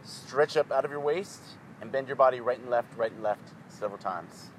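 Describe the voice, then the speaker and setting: A man leading a yoga class, giving calm, rhythmic, clipped instructions. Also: mid-range voice, moderate pace, background noise.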